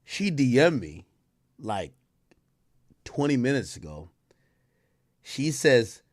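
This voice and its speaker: A man chatting on a live stream rambles with a lot of slang. His voice is middle-pitched and jumps up and down all the time. The sound is dry and close. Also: takes it slowly, pauses often, no echo. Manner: rambling, animated, slang-heavy. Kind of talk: casual live-stream chat.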